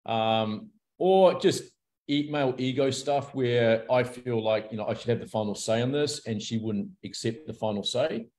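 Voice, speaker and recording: A man's voice: mid-range voice, moderate pace. A man, a guest in a candid interview, speaking openly and acting out the people in his stories. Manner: animated storyteller, acts out quoted characters.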